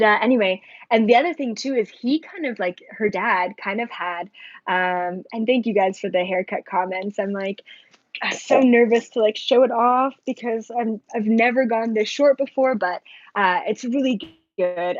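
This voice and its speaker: A woman's voice: mid-range voice, no room sound. A young adult woman telling a personal story on a casual livestream, rambling with lots of filler words, recorded close on a webcam mic. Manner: rambling, heavy use of filler "like". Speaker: spiritual intuitive livestream host. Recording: slightly dull lo-fi dry audio.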